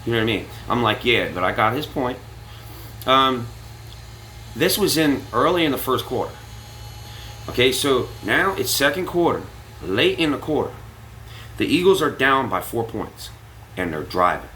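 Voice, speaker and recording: A man's voice: medium pitch, moderate pace, long pauses, slight background noise, rough recording. A man telling a story casually to his viewers, cursing freely and acting out what people said. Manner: animated, profane, acts out quotes. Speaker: vlogger.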